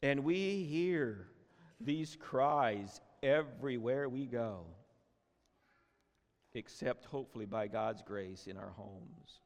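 A man preaching a sermon with emotion, often repeating and restarting words, shifting between loud cries and hushed tones. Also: medium pitch, lively intonation, slow pace. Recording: long hall reverb.

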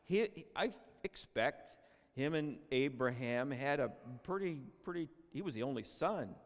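Slow, emotional preacher in a reverberant hall. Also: male voice, mid-range voice, lively intonation. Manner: emotional, halting with repetitions, swings between loud and hushed. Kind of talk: sermon.

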